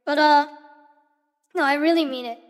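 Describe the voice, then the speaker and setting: A woman's voice: high-pitched, fairly even intonation, normal speed, big-room sound. A woman streamer giving an earnest, reflective pep talk to her chat, sometimes searching for the right words.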